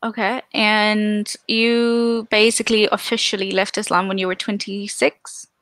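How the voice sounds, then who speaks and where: A woman hosting an interview, reacting briefly and asking gentle follow-up questions. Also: medium pitch, level tone, unhurried, dry recording. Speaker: host.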